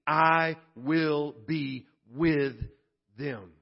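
A man voicing God as a calm, resolute, fatherly figure, speaking low and deliberately in plain words. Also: vocal fry, muffled recording, exaggerated voice.

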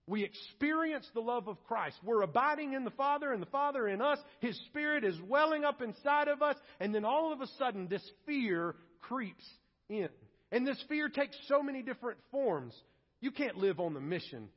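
A man's voice: sits high, husky. A man preaching a sermon as pastor, emphatic, putting on comic voices for quoted people. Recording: dull, reverberant church recording.

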